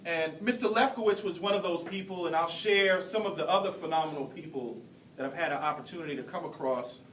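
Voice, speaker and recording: High-voiced man speaking in an echoey hall. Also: a bit bright. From Brooklyn, New York. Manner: earnest storytelling with deliberate pauses. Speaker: keynote speaker. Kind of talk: motivational speech. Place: large hall at a ceremony. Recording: echoey hall, distant mic, faint rumble.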